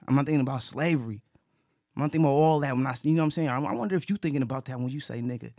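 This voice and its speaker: A man's voice: mid-range voice, racing, dark tone, no echo, clean studio sound. A man talking earnestly in casual conversation, repeating himself and restarting his sentences. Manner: earnest, repetitive, with frequent restarts and profanity. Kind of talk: casual talk.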